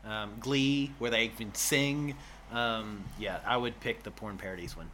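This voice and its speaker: A man's voice: on the low side, a little slow, bright, forceful tone, slight background noise. A man co-hosting a casual chat, playful and laughing often. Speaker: podcast co-host.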